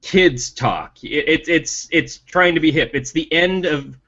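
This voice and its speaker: A man's voice: measured pace, fairly bright tone. Man, podcast co-host, opinionated, ranting, dull lo-fi sound. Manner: opinionated, ranting, rising emphatic pitch. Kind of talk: casual chat about TV.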